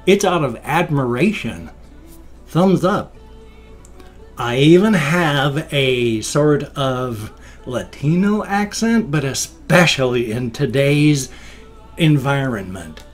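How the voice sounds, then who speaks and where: A man's voice: medium pitch, animated, slow pace, faint music behind. Rambling middle-aged male vlogger. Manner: rambling, chatty, jumps between topics. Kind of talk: casual daily vlog chat.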